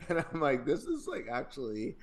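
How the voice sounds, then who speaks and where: A man hosting a podcast in casual chat, excitable and crude, laughing into his own words. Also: a little high, normal speed. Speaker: podcast host.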